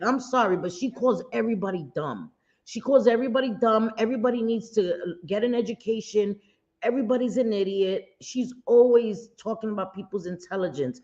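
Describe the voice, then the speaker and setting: A woman's voice: mid-range voice, darkish tone. A woman hosts a casual livestream, talking bluntly and indignantly and sometimes swearing. Her voice sits mid-range. The audio is dull and lo-fi. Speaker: livestream host. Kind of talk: casual gossip commentary.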